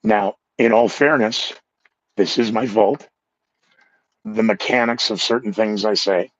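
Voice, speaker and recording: A man's voice: lowish voice, measured pace, no echo. A man hosting his podcast in a casual monologue, a former radio DJ with a sore throat, self-mocking and acting out the people he quotes. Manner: animated, acts out quoted coworkers, self-mocking. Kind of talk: casual monologue with news headlines. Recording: dull lo-fi, dry close sound.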